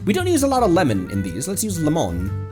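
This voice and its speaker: Casual male streamer, animated pitch, rambling and self-correcting, faint music underneath. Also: fast. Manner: chatty, rambling, self-correcting, laughs easily. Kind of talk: casual gameplay chat.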